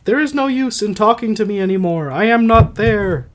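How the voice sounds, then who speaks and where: A dying young queen speaks her farewells in a soaring falsetto, tender and resigned, well above a man's own register, as a male audiobook reader puts her on. The voice is pushed up high and is noticeably louder than his narration. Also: expressive, moderate pace, a little hiss or hum. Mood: tender, fading. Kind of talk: amateur audiobook reading.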